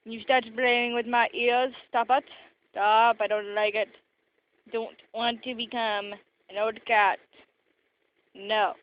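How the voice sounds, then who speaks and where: A woman's voice: fairly high pitch, little pitch movement, slow, highs cut off. A young woman voicing her grumpy, sassy house cat in a petulant, whiny way, recorded on a phone. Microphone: phone camera.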